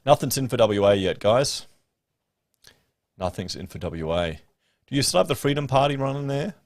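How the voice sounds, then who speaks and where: A man's voice: mid-range voice, sing-song, moderate pace, no room sound. An Australian man hosting a casual livestream, chatting and rambling to his viewers. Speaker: livestream host. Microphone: podcast studio mic. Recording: dry close-miked sound.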